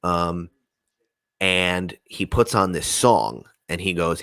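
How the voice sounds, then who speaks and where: Deep-voiced man telling a wild story. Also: moderate pace, no echo. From New Jersey. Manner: animated, acts out quoted voices, swears freely. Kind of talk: casual storytelling chat.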